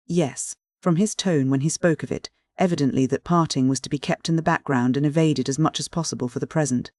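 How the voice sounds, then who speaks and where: An audiobook reader narrating a classic novel in a measured, even manner. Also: mid-range voice, no room sound, studio quality.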